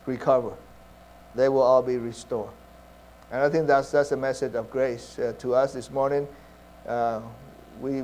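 This man's sermon is earnest and conversational, peppered with fillers and false starts. He speaks with a fairly high pitch and a darkish tone.

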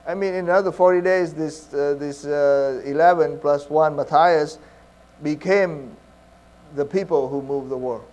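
A man's voice: a little high, measured pace, a little mellow. A man preaching a sermon in an earnest, conversational way, with many fillers and restarts. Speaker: pastor.

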